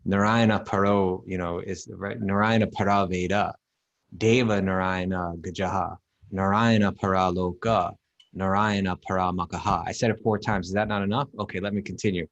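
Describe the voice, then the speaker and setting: A man's voice: low-pitched, steady tone, normal speed, highs cut off. A man casually explaining scripture verses, emphatic, often repeating himself and chanting Sanskrit lines. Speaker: podcast co-host teaching scripture. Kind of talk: casual teaching talk.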